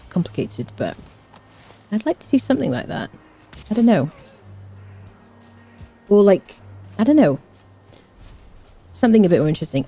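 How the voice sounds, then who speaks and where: A woman gaming streamer chats casually as she plays, her voice lowish and mellow but swinging widely in pitch. She rambles, hums little tunes and answers her chat, with faint game music behind her. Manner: chatty, rambling, hums and scats to herself, reads chat. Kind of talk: casual live-stream chat while playing.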